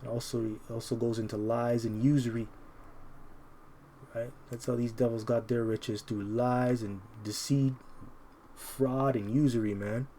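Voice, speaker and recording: A man delivers fiery, confrontational scripture commentary in a warm, mellow voice at an ordinary pitch. He reads each verse slowly and deliberately, then keeps calling out "man" as he argues. A faint hiss sits under the recording. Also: little pitch movement. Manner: combative, repeats "man" constantly. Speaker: Bible teacher.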